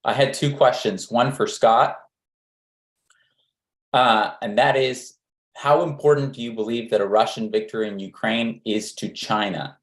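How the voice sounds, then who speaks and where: A man's voice: medium pitch, fairly even intonation, measured pace. A man putting pointed, emphatic questions to a panel at a press conference. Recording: echoey room.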